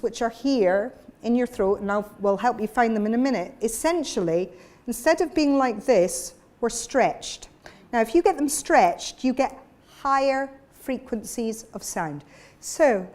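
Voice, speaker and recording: Lively woman communications coach. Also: on the high side. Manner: lively, demonstrative, addresses the audience. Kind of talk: workshop lecture.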